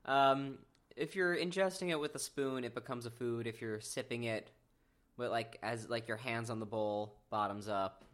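A man's voice: medium pitch, moderate pace, a bit bright. A man co-hosting a podcast in casual chat, easygoing and thinking aloud with hesitant fillers. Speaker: podcast co-host.

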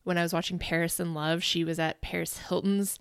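A woman co-hosting a podcast, chatting quickly and gossiping with questions for her co-host. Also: lowish voice, little pitch movement, smooth, dry recording, clean studio sound. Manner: quick gossipy chat, asks follow-up questions. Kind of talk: casual chat.

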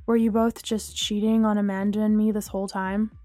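Woman doing a quiet, resentful young man. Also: medium pitch, level tone, brisk, dry recording, natural voice. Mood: accusing.

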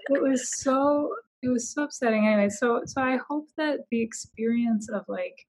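Woman, young adult, husky, casual chat, laughs often. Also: a little high, normal speed, rough recording. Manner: chatty, many fillers, laughs often. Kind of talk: casual conversation.

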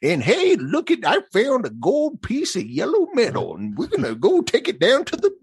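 A man putting on the voice of a goofy old male gold prospector, high and cartoonish. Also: wildly swooping pitch, normal speed, gravelly, husky, no echo, clean studio sound, exaggerated voice. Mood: giddy.

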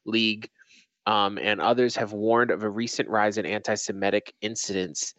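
A man's voice: lowish voice, steady tone, normal speed, fairly bright tone, no echo. A young man co-hosting a casual podcast, reading a news article aloud and breaking off into swearing asides. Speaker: podcast co-host.

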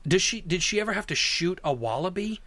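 Bright-voiced American man, joking podcast co-host. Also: high voice, lively intonation, brisk, no room sound. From United States. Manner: joking, rambling, lots of restarts. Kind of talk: casual chat.

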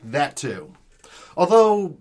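A man's voice: a little high, very slow. A man co-hosting a casual podcast, reading out news items in a jokey way. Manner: lively, jokey. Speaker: podcast co-host presenting news. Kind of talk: casual chat.

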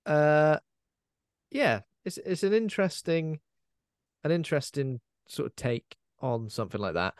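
A man's voice: fairly high pitch, expressive, a little slow, clean tone, no room sound, clean studio sound. A man co-hosting a horror film podcast, chatting in a rambling, easygoing way and laughing often. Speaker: podcast co-host. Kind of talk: casual film chat.

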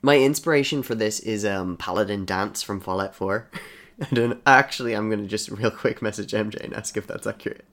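A man's voice: on the low side, a little fast, noisy background. A man recording voice lines, laughing at himself and chatting between takes. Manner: laughing, self-deprecating. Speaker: voice actor. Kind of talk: casual outtake chatter while recording lines.

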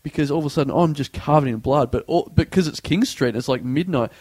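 A man's voice: on the high side, fast, husky, dry recording. A young Australian man telling a story in casual chat, acting out the voices of the people in it. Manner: animated, acts out voices in anecdotes. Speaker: podcast co-host.

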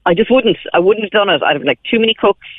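A woman's voice: mid-range voice, animated, quick pace, slightly rough, dry recording. Laughing Irish woman on a tinny line. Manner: laughing, chatty, storytelling. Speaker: radio co-host. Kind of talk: casual radio chat. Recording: tinny phone-like radio line.

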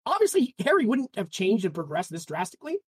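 A woman's voice: mid-range voice, sing-song, fast, a little mellow, husky, dry recording, clean studio sound. A woman co-hosting a book podcast in casual chat, full of "like" and restarts. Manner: chatty, lots of "like" and restarts. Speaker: podcast co-host.

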